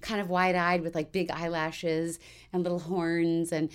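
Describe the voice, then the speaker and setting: Bubbly, slightly tipsy woman, low-ish voice. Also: little pitch movement, measured pace, smooth. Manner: chatty, bubbly, rambling, slips into character voices. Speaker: voice actor guest. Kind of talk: casual interview chat.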